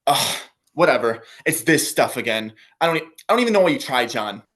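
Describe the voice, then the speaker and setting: Man doing a fast, nagging girlfriend. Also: mid-range voice, sing-song, a bit bright. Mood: exasperated. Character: annoyed dismissive girlfriend, young woman.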